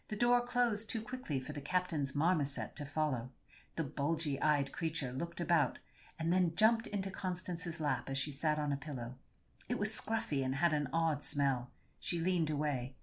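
A woman narrating an audiobook with expressive storytelling. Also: deep voice.

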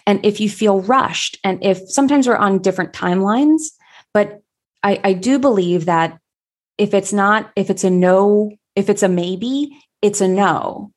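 A woman telling a personal story in a reflective, conversational way, pausing often with fillers. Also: mid-range voice.

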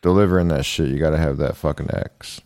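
Deep-voiced man cracking jokes on a podcast. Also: steady tone, fast, darkish tone, dry recording, studio quality. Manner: wisecracking, profane. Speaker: podcast co-host. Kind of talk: casual podcast banter.

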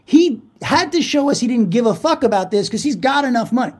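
A man co-hosting a podcast, retelling a business story in animated, profane casual chat. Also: very high-pitched, a little fast. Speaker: podcast co-host.

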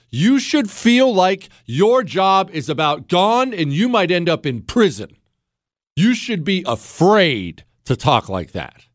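A middle-aged man holds forth in an indignant political monologue, pitching his questions high and letting his voice leap around. The sound is dry and close, with no room around him. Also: no room sound. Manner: heated, indignant, rhetorical questions. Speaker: podcast host.

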